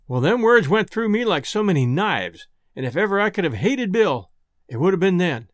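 An audiobook narrator with a high, very animated voice tells a first-person storybook tale in a folksy, rustic dialect at a moderate pace. The recording is studio quality with no room sound.

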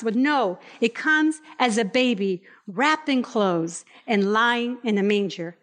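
A woman preaching a sermon, expressive, slowing down for scripture readings. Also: sits high. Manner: expressive, varies pace, slows for scripture readings.

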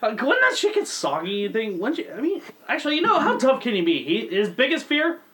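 A man with a high, very lively voice co-hosts a comedy podcast, swearing freely and breaking into laughter between jokes. His tone is bright and sharp, swinging from loud bursts to low asides. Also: brisk. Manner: profane, laughs often, swings loud and animated. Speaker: podcast co-host. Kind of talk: casual comedy podcast banter.

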